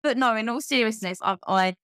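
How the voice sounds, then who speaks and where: A woman's voice: on the high side, brisk, smooth, no echo, clean studio sound. A woman in her thirties, a coaching guest talking candidly and energetically in a casual podcast conversation. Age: 30s. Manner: candid, energetic, laughs easily.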